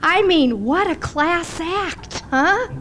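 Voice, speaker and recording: Middle-aged woman preacher, high voice, chatty storytelling sermon, faint room ambience. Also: takes it slowly, background noise. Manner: conversational, animated storytelling.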